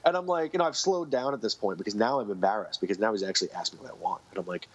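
A man's voice: fairly low pitch, racing, few pauses. A man, a guest on a podcast, telling stories in casual conversation, rambling and restarting his sentences often. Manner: rambling storyteller with frequent restarts. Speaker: guest, comic book writer. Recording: dull lo-fi recording.

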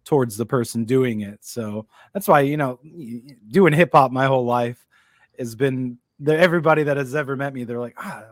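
A man's voice: mid-range voice, normal speed, dry recording, clean studio sound. A man co-hosting a podcast, talking in a laid-back, slangy way and swearing casually. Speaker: podcast co-host. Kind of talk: casual chat.

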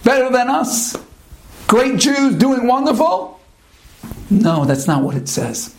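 A man's voice: very high-pitched, sing-song. A man giving a Torah lesson in a sermon style, asking rhetorical questions and mixing Hebrew terms into his English. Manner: rhetorical questions, drawn-out emphatic pauses. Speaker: rabbi giving a Torah talk.

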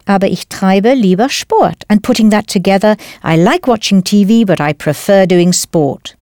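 Female instructor, patient and clear, scripted lesson narration, dry booth. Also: mid-range voice, moderate pace, mellow, no room sound. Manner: patient, clear, explains step by step. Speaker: language teacher.

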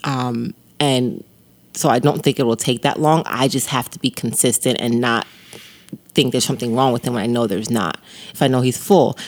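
A woman co-hosting a casual podcast with her husband, telling animated stories and laughing often. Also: a bass voice. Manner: animated storytelling, acts out her baby with laughs. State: sore back. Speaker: podcast co-host. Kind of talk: casual couple's podcast chat.

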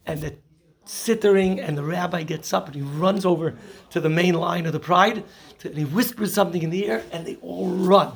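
A man's voice: sits high, a little fast, husky. A man teaching a Torah class, telling jokes and stories and mixing Hebrew and Yiddish terms into his English. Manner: animated storyteller who laughs at his own jokes.

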